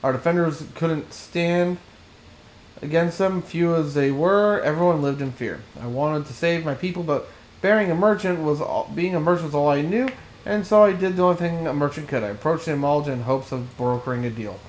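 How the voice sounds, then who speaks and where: A man's voice: fairly high pitch, brisk, roomy sound, slight background noise, natural voice, poor audio. A man voicing a cowardly male merchant who posed as a priest, reading his lines from a game. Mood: pleading.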